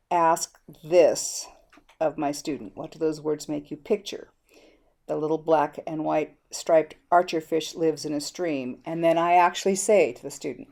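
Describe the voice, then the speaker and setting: A woman's voice: deep voice, darkish tone. A middle-aged woman giving a teaching presentation, explaining steps and acting out the prompts she gives students. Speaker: educator presenting a reading method.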